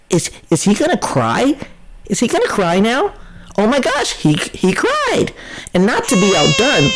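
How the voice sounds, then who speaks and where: A woman's voice: sits low, darkish tone, poor audio. A woman hosting a podcast, giving chatty, opinionated political commentary in a scornful, mocking way. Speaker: podcast host.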